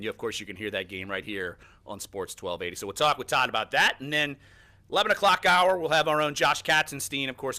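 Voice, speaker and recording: Bright-voiced sports radio man. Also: medium pitch. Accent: New Orleans. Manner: upbeat, teasing, promotes upcoming segments.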